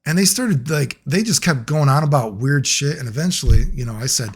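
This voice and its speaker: A male video creator tells a long personal story as a casual, rambling, profane monologue, becoming animated whenever he quotes others. His slightly rough voice is mid-range and a little fast.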